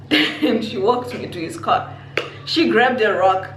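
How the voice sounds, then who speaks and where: A young woman from Zimbabwe telling a personal story on her vlog, animated and acting out what people said. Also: mid-range voice, slow, faint music behind. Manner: animated storytelling, acts out quotes. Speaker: YouTuber. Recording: echoey room, faint noise.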